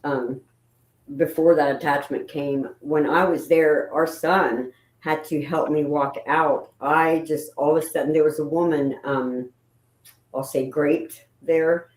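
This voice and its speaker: A woman's voice: sits low, fairly even intonation, a little slow, darkish tone, echoey room, low-quality recording. A woman, a paranormal investigator telling emotional, rambling stories in casual chat.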